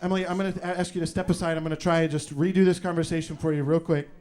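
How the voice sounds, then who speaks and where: A man hosting a live improv comedy show who rambles loudly, swears and laughs. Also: on the high side, flat delivery, rapid-fire. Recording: live room with audience noise.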